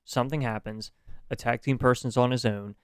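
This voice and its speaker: A man's voice: mid-range voice, steady tone, brisk, clear, resonant tone, no echo, clean studio sound. A man co-hosting a podcast in casual chat, rambling, with many fillers and repeated words. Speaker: podcast co-host.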